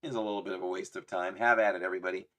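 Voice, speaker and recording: A man's voice: low-pitched, steady tone, rapid-fire, fairly bright tone. A man hosting a casual trivia livestream, playful, laughing often and reading chat aloud. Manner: fond of doing voices. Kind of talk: casual live-stream chat.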